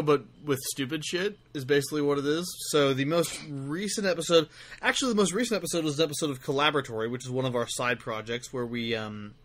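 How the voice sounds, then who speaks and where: In casual podcast chat, a weary co-host rambles through self-deprecating plugs for his own projects. His voice is mid-range and a bit bright.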